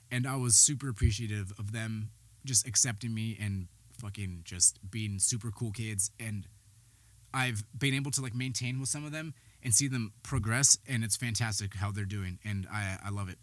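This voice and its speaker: A man speaking at a medium pitch, candidly telling his own story as a podcast host. He rambles a little, swears freely and sounds slightly out of breath, in a dry, close room. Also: a bit bright, dry recording. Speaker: behavioral health worker. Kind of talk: personal storytelling.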